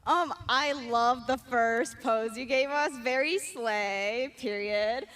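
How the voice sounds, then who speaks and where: A woman's voice: fairly high pitch, slow, a bit bright. A woman giving casual judge's feedback, hesitant and full of fillers. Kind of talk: casual chat.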